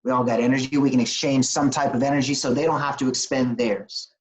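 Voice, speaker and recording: A man as an interview guest, telling a motivational story in an animated, plain-spoken way with quick restarts. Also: mid-range voice, rough recording. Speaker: interview guest, business coach.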